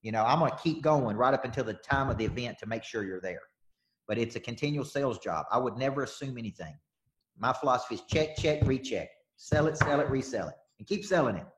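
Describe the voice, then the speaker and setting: A man's voice: medium pitch, expressive, fast talker. A man coaching on sales during a live webinar, talking emphatically and repeating his points as he answers questions.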